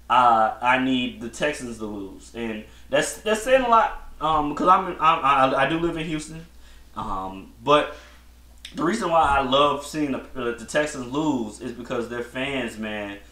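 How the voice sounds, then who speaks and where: His mid-range voice sounds pushed and bright as he hosts a solo podcast in an echoey space. The chat is casual and rambling, packed with restarts and blunt, slangy opinions.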